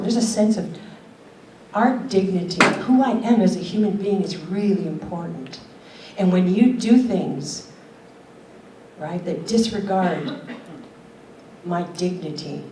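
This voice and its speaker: Speaking earnestly from a conference stage, an older keynote speaker tells stories and poses questions in a fairly low voice. Background noise accompanies the roomy, distant recording of the hall.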